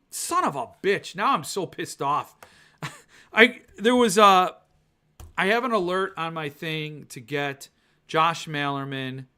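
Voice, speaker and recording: A male podcast host ranting excitedly about books, swearing when annoyed and reading viewer comments aloud. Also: high-pitched. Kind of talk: ranting book-talk livestream.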